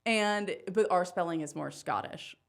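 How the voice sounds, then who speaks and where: Woman from Pennsylvania, comic guest; lower pitch, quick self-deprecating wit, casual. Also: vocal fry. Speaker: guest comedian. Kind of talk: casual podcast chat.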